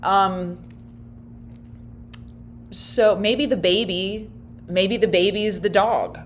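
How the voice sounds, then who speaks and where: A woman giving casual, wry commentary as she reacts to a video clip, laughing often and thinking out loud. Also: mid-range voice, extremely slow, slight background noise.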